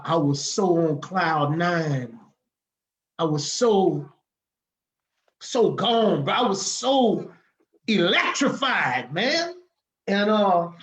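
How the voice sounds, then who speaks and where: A man's voice: fairly high pitch, fairly bright tone, poor audio. A man speaking as a podcast guest, giving an emotional personal testimony, fired up and emphatic, often adding "man" to his sentences.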